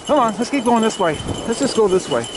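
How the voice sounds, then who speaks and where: A man's voice: sits high, sing-song, fast talker. A man riding through snowy woods with his dogs, talking to them casually and coaxing them along with short repeated commands. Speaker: vlogger biking with his dogs. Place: outdoors in snowy woodland. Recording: outdoor wind noise.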